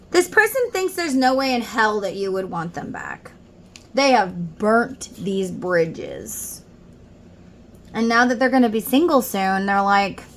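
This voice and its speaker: A woman's voice: medium pitch, a little hiss or hum. A woman giving a casual tarot reading at home, chatting and reading song lyrics aloud between her explanations. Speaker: tarot reader.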